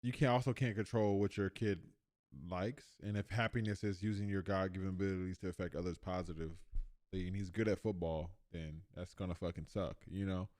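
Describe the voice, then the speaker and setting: Low-voiced man, casual stream chatter. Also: steady tone, a little fast, darkish tone, no echo, studio quality. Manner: loose, joking asides with slang. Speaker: streamer reacting to a talk. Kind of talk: casual live-stream commentary.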